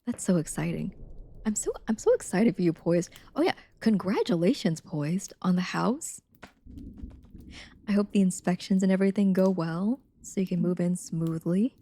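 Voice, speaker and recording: A woman livestreaming, chatting casually with her viewers and reading a novel aloud, soft-spoken and slipping into whispers now and then. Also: lowish voice, lively intonation, normal speed. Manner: chatty with viewers, reads steadily.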